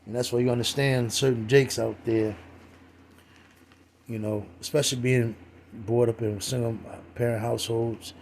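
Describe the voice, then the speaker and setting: A man's voice: mid-range voice, fairly even intonation, moderate pace, creaky, a little mellow, slight background noise. A man giving a casual religious talk in a streetwise, profane way, full of "you know" fillers.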